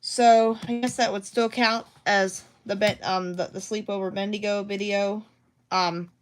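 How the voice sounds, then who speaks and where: A woman's voice: mid-range voice, fairly even intonation, a little slow. A woman vlogging casually at home about her craft projects, rambling and hesitant with many restarts. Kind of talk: casual talk to camera.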